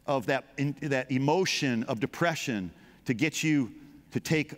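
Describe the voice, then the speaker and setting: A man's voice: medium pitch, unhurried, in a large hall. A man preaching a sermon as pastor, building repeated phrases with passion. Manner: impassioned, repetitive preaching cadence.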